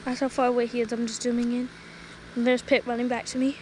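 A woman filming a casual family vlog outdoors on a handheld phone, chatting and excitedly calling to a dog. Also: a little high, fast, slight background noise, rough recording. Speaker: family vlogger. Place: outdoors in a rural yard and field. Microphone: handheld phone camera.

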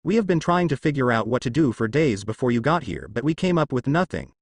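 A reassuring horse-dolphin spirit, voiced by a man who speaks in a soothing way. He tries to calm the others. The reading is dry and close. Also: medium pitch, fast, dry recording.

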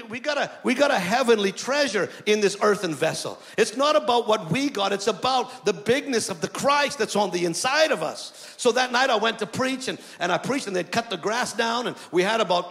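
High-voiced man preaching in an echoing hall. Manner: animated, acts out dialogue in his stories. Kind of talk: storytelling sermon. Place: church hall, indoors. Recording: long reverb in a large hall.

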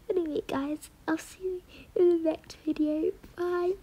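A woman's voice: very high voice, little pitch movement, moderate pace, mellow. A woman vlogger talking through a role-play to her viewers, often dropping to a whisper.

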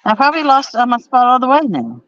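A woman's voice: on the high side, very animated, fast talker, a bit bright, no echo. A woman hosting a fishing livestream from a pontoon boat at night, chatting and reading viewer comments in a drawling, playful way. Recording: slightly dull, lo-fi sound.

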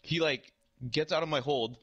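A man's voice: fairly high pitch, normal speed, muffled recording. A young man chatting casually as a streamer, telling a long story in a rambling way, full of "like" and "right?". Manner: animated, rambling, heavy use of "like" and "right?".

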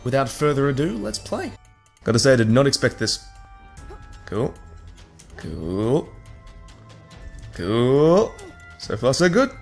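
A man's voice: medium pitch, very animated, fairly quick, gravelly, faint music behind. A man hosting a let's play, giving sarcastic, swearing running commentary on a game as he plays it. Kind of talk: gameplay commentary.

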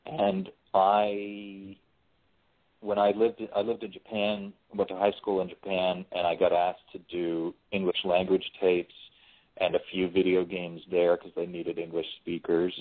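A man in his forties, a screenwriter and voice actor, chatting casually as an interview guest, relaxed and full of restarts. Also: sits low, unhurried. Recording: tinny phone line.

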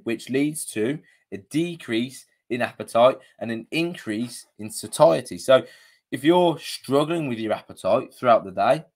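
A man coaching viewers on a live video, chatty and casual, often checking in with "okay?", his voice a bit worn. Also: mid-range voice. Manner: chatty, punctuates with "okay?" and "you know". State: slightly losing his voice. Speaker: diabetes coach.

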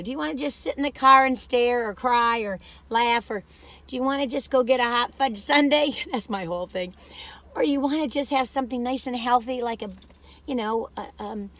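A woman's voice: sits high, fairly bright tone. A woman chatting casually while driving in her car, rambling and poking fun at herself, her voice worn out. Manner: rambling, chatty, self-deprecating. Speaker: vlogger.

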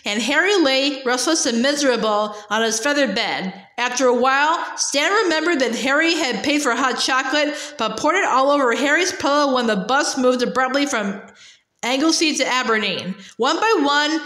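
A woman reading a storybook aloud in a steady, expressive narrating voice. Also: sits high. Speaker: reader. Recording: roomy echo.

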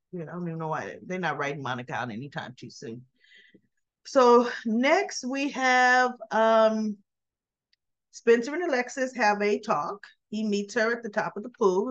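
A woman's voice: medium pitch, highs cut off. A woman vlogger casually recapping soap opera scenes in a chatty, giggly way, acting out the characters' lines. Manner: chatty, giggly, acts out the quotes.

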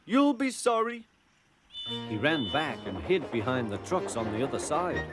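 Brief: male storybook narrator, gentle and animated. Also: mid-range voice, normal speed, music in the background.

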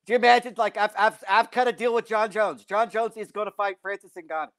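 A man co-hosting a live podcast, chatting in an excitable way and laughing as he riffs on jokes. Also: high voice, brisk, no echo. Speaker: co-host. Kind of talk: casual podcast banter.

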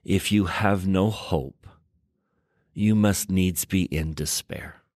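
A man's voice: low-pitched, slow, a little mellow, no room sound, clean studio sound. A man hosting a scripture study show, reading verses aloud and stressing key words as he explains them. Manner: emphatic, reads verses aloud and rereads with stress. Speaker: scripture teacher and podcast host.

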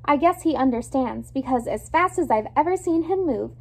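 A woman reads a children's chapter book aloud in a high voice. Her storytelling is expressive and lively, leaning into each scene. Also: normal speed, creaky. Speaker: storybook reader.

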